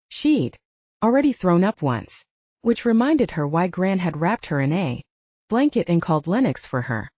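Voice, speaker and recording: A woman narrating a romance audiobook with expressive storytelling. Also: fairly low pitch, normal speed, no echo, dull audio. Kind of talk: scripted narration.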